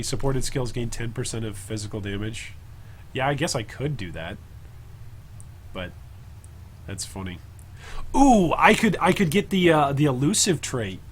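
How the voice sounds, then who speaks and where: A man's voice: medium pitch, slight background noise. A man streaming a video game live, thinking aloud in a rambling, casual way and chatting with viewers between moves. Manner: thinks aloud, rambling self-talk with chat asides.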